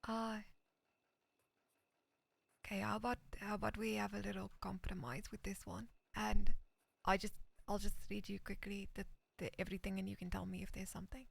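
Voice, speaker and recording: A woman's voice: mid-range voice, little pitch movement, moderate pace, gravelly, breathy edge, dry recording. A woman roleplaying a character, hesitantly reading messages aloud and often slipping into a whisper. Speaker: roleplay streamer. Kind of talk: in-character western roleplay chat.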